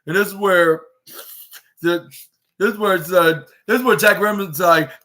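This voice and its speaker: A man with a somewhat high voice talks through a wrestling recap on his podcast. He rambles casually, stacking up fillers and restarting his sentences as he goes. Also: steady tone, normal speed, long pauses, sharp tone. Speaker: podcast host.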